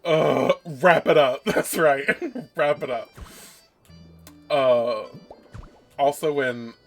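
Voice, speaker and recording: A man's voice: mid-range voice, fairly even intonation, drawn-out words, creaky, faint music behind. A man streaming a game, chatting casually, gushing and self-mocking. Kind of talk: casual gaming commentary.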